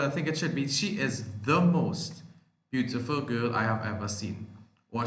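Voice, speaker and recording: A man's voice: medium pitch, fairly bright tone. A man with a Trinidadian accent teaching an online language arts lesson, explaining step by step and asking and answering his own questions. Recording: echoey room.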